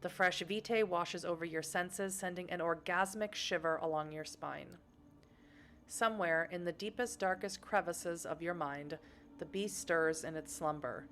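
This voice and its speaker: A woman's voice: fairly low pitch, unhurried, a bit bright, a little hiss or hum. A young woman streaming a narrative game, reading its text aloud and chatting with her viewers between passages.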